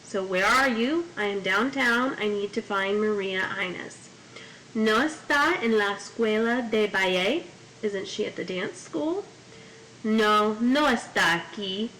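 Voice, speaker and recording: A woman's voice: mid-range voice, fairly bright tone, slight background noise, rough recording. A woman teaching a Spanish class, reading each phrase in Spanish and then in English, and adding memory tips. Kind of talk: classroom vocabulary lesson. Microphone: corded mic.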